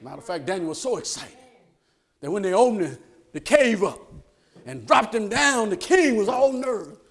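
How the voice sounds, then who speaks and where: A man preaching a folksy, animated sermon. He laughs often and swings between loud and hushed. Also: high-pitched, moderate pace, gravelly.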